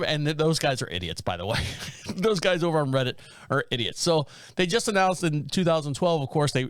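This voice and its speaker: A man's voice: fairly high pitch, a bit bright, clean tone, no echo, studio quality. A man, hosting a podcast in a rambling, jokey, self-mocking way. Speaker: podcast host. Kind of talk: casual solo podcast chat.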